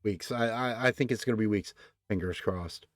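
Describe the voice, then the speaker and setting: A man's voice: fairly low pitch, normal speed, no room sound, clean studio sound. A man hosting a casual late-night stream, rambling and hesitant, full of fillers as he tells a joke and talks with chat. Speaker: streamer host.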